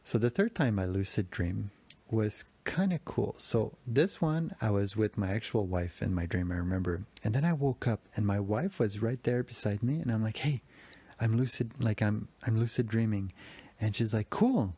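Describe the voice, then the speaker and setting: A young man on a podcast, candidly telling personal dream stories in a rambling way, acting out the quoted lines with jumps in pitch. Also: normal speed, dark tone, husky, no room sound. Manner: rambling, candid, with frequent restarts and fillers. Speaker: podcast host. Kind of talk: casual personal storytelling.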